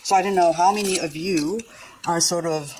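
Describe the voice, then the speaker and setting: A woman's voice: fairly low pitch, moderate pace, a little mellow, a little hiss or hum, rough recording. An older woman, chatting nonstop and giggling as she cleans up her plants for a gardening vlog. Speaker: gardening vlogger. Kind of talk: casual chat while working.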